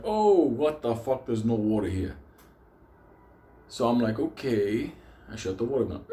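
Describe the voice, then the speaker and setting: A man hosting his own show, telling a comic story with constant swearing and animated bursts. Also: lowish voice, slight background noise. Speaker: show host. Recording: echoey room with faint ambience.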